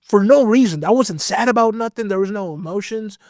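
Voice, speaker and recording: A man guest on a podcast, telling a personal story in a casual, animated way with lots of fillers. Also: high voice, fairly quick, no echo, clean studio sound. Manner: animated, expressive, full of fillers. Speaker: podcast guest, metal vocalist.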